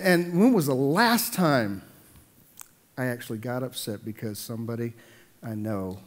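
A middle-aged man preaching a sermon as pastor, animated, often repeating words as he builds a point. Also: fairly high pitch. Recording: long hall reverb.

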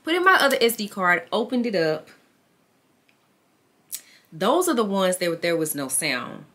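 A woman's voice: mid-range voice, big pitch swings, a little slow, pushed and bright. A woman vlogging casually to camera, chatting with her viewers as "y'all" and talking herself through her frustrations. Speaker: lifestyle vlogger.

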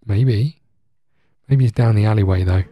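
A man's voice: lowish voice, moderate pace, mellow. A man casually commenting on a game he is streaming, chatty and joking as he rambles along. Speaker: gaming streamer.

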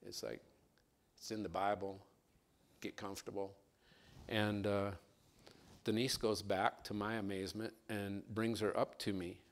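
A male pastor preaching a sermon, telling a story with lively, animated delivery that climbs higher and louder as it builds. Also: measured pace, pauses often. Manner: animated storyteller, rising and louder when excited.

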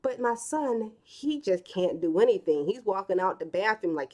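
A woman's voice: medium pitch, expressive, moderate pace, few pauses, a little mellow. Chatty woman in her thirties hosting a live stream. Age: 30s. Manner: chatty, storytelling with acted quotes. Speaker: live-stream host reading chat. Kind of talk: casual live-stream chat.

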